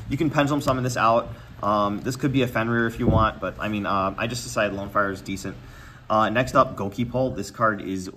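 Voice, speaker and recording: A young man giving a casual deck breakdown, talking quickly with lots of fillers and going a little out of breath. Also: lowish voice, a little hiss or hum. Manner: quick, filler-heavy, trails off quietly. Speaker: deck profile presenter. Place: card tournament venue.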